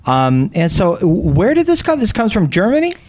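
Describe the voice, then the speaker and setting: A man's voice: sits high, wildly swooping pitch, normal speed. A man hosting a community radio show, chatty and joking, often restarting his sentences. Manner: chatty, jokey, stumbles and restarts. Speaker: radio host. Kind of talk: casual on-air chat.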